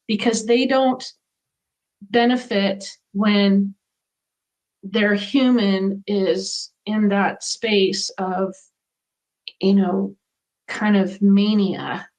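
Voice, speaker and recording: A middle-aged woman speaks as an interview guest, earnest and reflective. Her voice sits a little higher than most women's. She talks in a conversational way about her own experiences. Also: rough recording.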